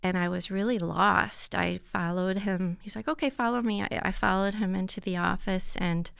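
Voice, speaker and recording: A woman guest recounting a personal experience in an earnest, reflective way, with soft hesitations. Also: on the low side, flat delivery, normal speed, vocal fry, smooth, no room sound. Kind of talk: personal testimony in conversation.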